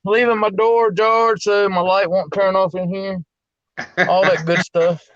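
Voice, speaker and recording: A middle-aged man with a drawl chats casually, repeating his words as he goes. His voice sits fairly high for a man. The sound is dry and a little dull, picked up on a phone at a gas station at night. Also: flat delivery, unhurried, fairly bright tone, no echo. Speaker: live stream guest. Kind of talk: casual chat.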